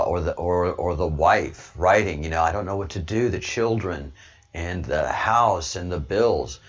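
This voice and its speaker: In a muffled recording, a deep-voiced man with a Southern American accent rambles casually as an online commentary host. Hailing from the Southern US, he restarts often and addresses his listeners as "brother."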